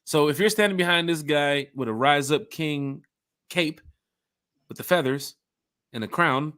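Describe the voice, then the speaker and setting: A man hosting a fan podcast in casual chat, telling stories with lively acted-out quotes on a home mic and camera. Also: fairly high pitch, unhurried, no room sound, clean studio sound. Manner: animated storyteller acting out quotes. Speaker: podcast host.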